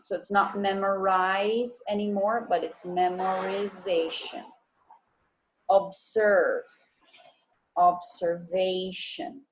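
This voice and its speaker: A woman teacher with a Guatemalan Spanish accent, slowly and patiently explaining spelling and word stress in a recorded online lesson. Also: medium pitch, little pitch movement, slight background noise, low-quality recording. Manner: slow, patient, repeats words to model stress.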